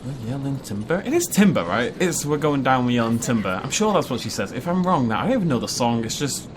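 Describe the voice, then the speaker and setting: A man's voice: mid-range voice, very animated, quick pace, background noise. A young man from Wales, hosting a casual let's-play, rambling and joking with frequent laughs. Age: young adult. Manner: rambling and jokey, laughs often. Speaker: gaming video host.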